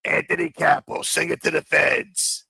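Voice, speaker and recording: A man doing a mocking impression of a gravelly-voiced mobster. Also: a little high, flat delivery, normal speed, pushed and bright, no room sound, exaggerated voice. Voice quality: gravelly, husky. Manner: mocking imitation.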